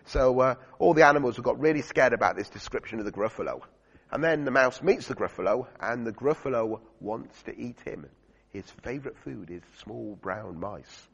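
Gravelly man preaching in a church hall. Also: mid-range voice, expressive, normal speed, a bit bright. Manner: chatty, uses fillers and asks the congregation questions. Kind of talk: sermon. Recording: dull lo-fi recording in a reverberant church hall.

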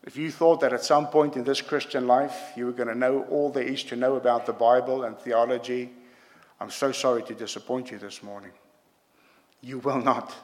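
A man's voice: medium pitch, steady tone, moderate pace. A man preaching a sermon to a congregation, emphatic and punctuating his points with "yeah?". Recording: long hall reverb.

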